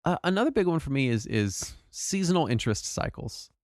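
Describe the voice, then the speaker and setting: A man's voice: on the high side, sing-song, fairly quick, darkish tone, no echo, studio quality. A man co-hosting a casual podcast, talking animatedly and emphatically, often restarting his sentences and swearing for emphasis. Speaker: podcast co-host.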